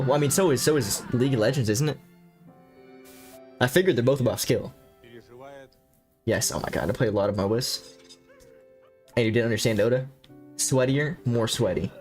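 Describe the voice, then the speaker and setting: A young American man with a medium-pitched, slightly mellow voice streams a horror game, chatting loosely with viewers and reading the game's text aloud. He drawls, swears, and jokes around with chat.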